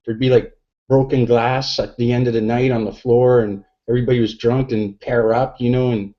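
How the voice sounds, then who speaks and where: A man's voice: medium pitch, level tone, moderate pace, dull audio. A tipsy middle-aged man chatting on a podcast, rambling and crude with many fillers. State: tipsy from drinking beer. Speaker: podcast guest. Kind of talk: casual chat.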